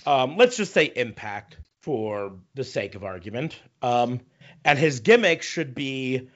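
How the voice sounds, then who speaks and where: Brief: swearing, ranting podcast co-host, mid-pitched man, muffled lo-fi audio. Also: animated, fairly bright tone. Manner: profane, ranting, halting restarts. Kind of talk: casual wrestling chat.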